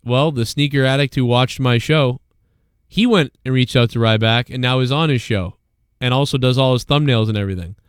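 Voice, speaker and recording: A man's voice: mid-range voice, brisk, clear, resonant tone, no room sound, studio quality. A man hosting a live show, ranting casually and swearing often as he rambles. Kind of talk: casual live-stream rant.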